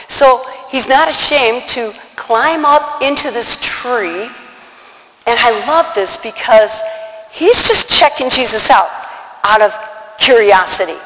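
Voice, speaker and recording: A man's voice: very high voice, expressive, slow pace, bright, forceful tone, in a large hall, low-quality recording. A man preaching a sermon, retelling scripture stories and acting out the voices of the people in them.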